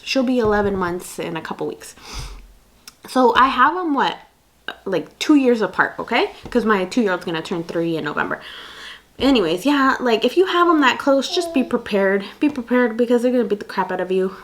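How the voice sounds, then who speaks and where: A young mother vlogs in an unscripted, rambling way and packs her talk with fillers. Her voice sits a little high and swings widely in pitch. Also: expressive, normal speed. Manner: rambling, chatty, many fillers. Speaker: vlogger and mother. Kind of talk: unscripted casual chat.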